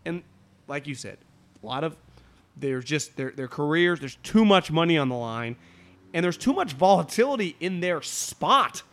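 A man co-hosting a casual sports talk show, talking fast and emphatically, restarting often and swearing. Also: fairly high pitch, very animated, a bit bright.

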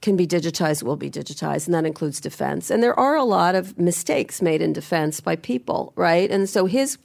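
A middle-aged woman hosting a podcast, blunt and teasing, talking fast about tech in casual banter. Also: fairly low pitch, expressive, creaky, darkish tone. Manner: blunt, teasing, rapid-fire. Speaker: podcast host.

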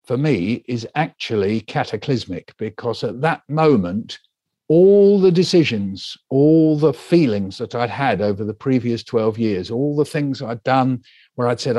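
A man's voice: medium pitch, animated, a little slow, mellow, dry recording. An older man, a guest author, telling a story in an interview and acting out the voices of the people in it.

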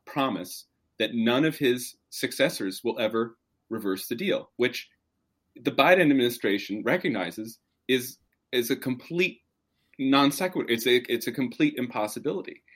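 A man discussing politics in a casual conversation, measured and explanatory. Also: medium pitch, expressive, a bit bright.

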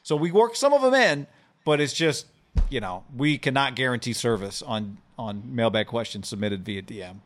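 A man co-hosting a sports podcast, reading ads and mailbag questions in a brisk, casual way. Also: mid-range voice, lively intonation, fairly bright tone, slight background noise. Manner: brisk, upbeat ad reads and loose banter. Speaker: podcast co-host.

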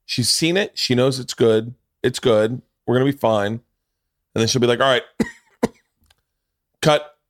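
A man's voice: mid-range voice, fairly even intonation, moderate pace, no echo, studio quality. A middle-aged man hosting a podcast in casual chat, telling rambling, profane stories and acting out what other people said. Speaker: podcast host.

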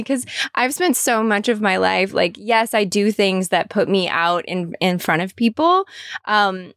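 A woman's voice: medium pitch, animated, unhurried, fairly bright tone, clean tone, dry recording. A woman hosts a podcast in an upbeat, affirming chat. Her voice sits mid-range and sounds close and dry. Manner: enthusiastic, affirming, chatty. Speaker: podcast host. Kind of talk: casual interview chat.

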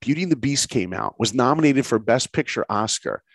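A middle-aged man telling a personal story in conversation, lively and acting out the voices of people he quotes. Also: medium pitch, fairly quick, vocal fry, no room sound. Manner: lively, acts out quoted voices, laughs often. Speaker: guest storyteller.

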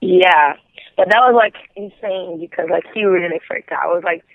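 A man's voice: sits high, normal speed, gravelly, dry recording. A man calling in to tell a long personal story in a casual, rambling way, with "like" in nearly every phrase. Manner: rambling, heavy use of "like". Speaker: caller. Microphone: telephone. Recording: tinny phone line.

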